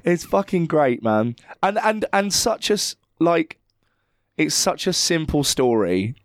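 A man's voice: a little high, sing-song, measured pace, no echo, clean studio sound. A man co-hosting a casual film chat, swearing freely, laughing often and acting out characters' lines.

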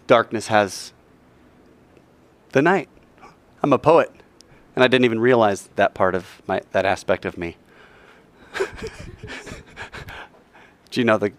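A man's voice: lowish voice, takes it slowly, long pauses, dry recording. A man giving an informal Bible lesson, acting out little mock dialogues and dropping jokey asides. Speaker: Bible teacher.

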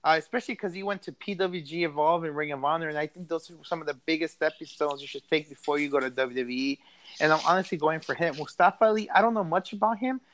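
A man's voice: a little high, fast talker, fairly bright tone. A man co-hosting a casual chat, easygoing, hesitant with frequent fillers, now and then swearing. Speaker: podcast co-host.

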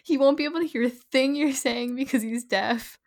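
A woman's voice: sits high, moderate pace. A young woman co-hosting a podcast, chatting casually and laughing often. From New Jersey family roots. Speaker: podcast co-host. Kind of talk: casual chat.

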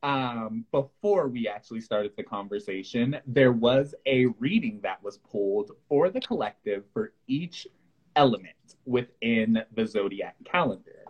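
A husky man chats easily on a spiritual podcast and acts out his own reactions as he tells a story. The recording sounds a little dull and lo-fi, as if from a modest home setup. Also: medium pitch, lively intonation, unhurried. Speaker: podcast co-host. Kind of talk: casual spiritual chat.

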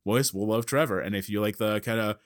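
A man hosting a podcast, chatting casually in a fairly low voice. He rambles through fillers and restarts and laughs often. The sound is close and dry. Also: a little fast, no room sound. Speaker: podcast host. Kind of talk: casual chat.

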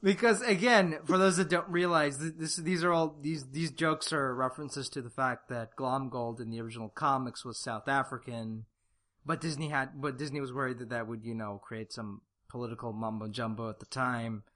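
A man co-hosting a casual review chat, animated and often laughing. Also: medium pitch, normal speed. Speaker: podcast co-host.

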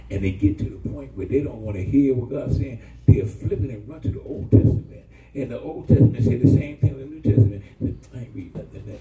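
A middle-aged man pastor, preaching an animated sermon with call-and-response to his congregation. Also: medium pitch, a little fast, hardly any pauses, recorded from a distance. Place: church hall. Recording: echoey church room, mic from afar, congregation.

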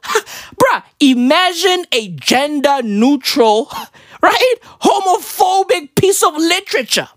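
Woman ranting for laughs, high voice all over the place, rambly, dry close sound. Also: sing-song, slow, dry recording. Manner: rambling, exclamatory, keeps asking "right?". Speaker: comedian. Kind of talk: irreverent comedic rant.

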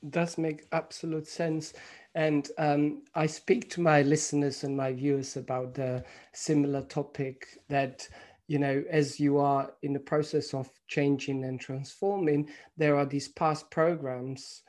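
Guy hosting a podcast, calm and thoughtful, lots of "you know"s. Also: a little high. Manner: measured and reflective, with many fillers. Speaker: podcast host. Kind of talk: interview conversation.

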